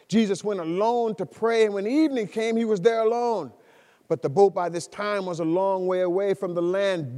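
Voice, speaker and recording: A man preaching a sermon as pastor, swinging between soft storytelling and loud, excited delivery. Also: sits high, long reverb tail. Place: church sanctuary.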